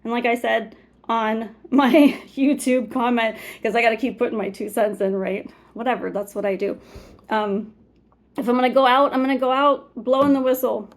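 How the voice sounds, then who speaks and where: An agitated woman in her forties, speaking in a somewhat high voice. She rants to camera with constant swearing. Her anger flares loud, then sinks into weary muttering. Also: fairly even intonation, normal speed. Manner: agitated, profane, swings between loud anger and weary murmur. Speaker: vlogger. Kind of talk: ranting to camera.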